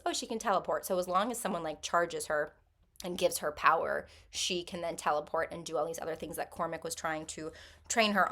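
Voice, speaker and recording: Chatty woman with a lowish voice. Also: fairly bright tone. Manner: chatty, many ums and likes. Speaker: book vlogger. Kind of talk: casual book recap.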